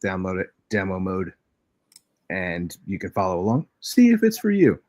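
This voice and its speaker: A man's voice: deep voice, huge pitch swings, normal speed, darkish tone, no room sound. A man co-hosting a live trading stream, casually explaining things with plenty of fillers. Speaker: co-host.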